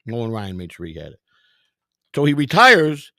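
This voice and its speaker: A man's voice: medium pitch, normal speed, no room sound. A middle-aged man telling rowdy, profane stories in a casual way and acting out what other people said. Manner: profane, animated, acts out quotes. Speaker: storyteller, former clubhouse worker. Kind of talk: casual storytelling.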